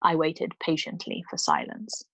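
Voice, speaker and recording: A woman storyteller reading a novel aloud in a calm, measured way. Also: sits low, vocal fry, slightly rough, no room sound. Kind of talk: bedtime book reading.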